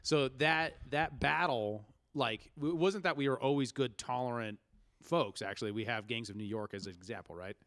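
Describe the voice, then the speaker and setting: A man's voice: medium pitch, normal speed, a bit bright, dry recording, studio quality. A man co-hosting a casual podcast, explaining history at length in a lecturing way. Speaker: podcast co-host. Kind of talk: casual chat.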